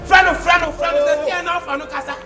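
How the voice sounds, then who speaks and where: An actor with a Ghanaian accent playing an excitable, nagging young man in a comic film, talking loudly and scolding. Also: very high-pitched, moderate pace, echoey room, over music, a crowd in the background.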